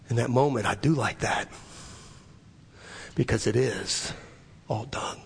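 Gravelly, husky pastor in an echoing hall. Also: male voice, mid-range voice. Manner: earnest, halting retelling with many restarts. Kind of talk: sermon storytelling. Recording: echoey hall with long reverb.

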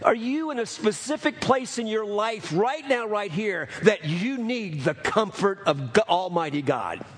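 A man preaching a sermon as pastor, earnest, repeating phrases, moving between raised proclamation and hushed asides. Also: high-pitched, animated, measured pace, few pauses. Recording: long hall reverb.

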